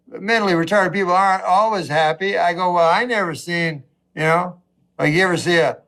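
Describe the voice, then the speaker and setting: A man doing a rambling, wry stand-up routine, swinging between low mutters and a raised voice. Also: sharp tone. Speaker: stand-up comedian.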